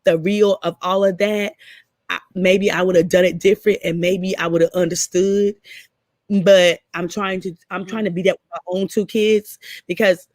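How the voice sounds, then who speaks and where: A woman's voice: lowish voice, steady tone, moderate pace, a little mellow, dry recording. A middle-aged woman talking casually as a podcast guest, often repeating words and restarting as she searches for her thoughts.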